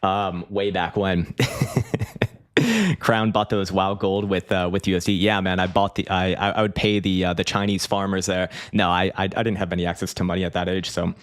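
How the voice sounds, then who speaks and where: Host, male, 30s, lowish voice, rambling and profane live-chat delivery with lots of "you know" and "um". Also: normal speed. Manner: loose and profane, heavy fillers and restarts, laughs often. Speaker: crypto trading streamer. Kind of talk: casual livestream chat reading viewer comments.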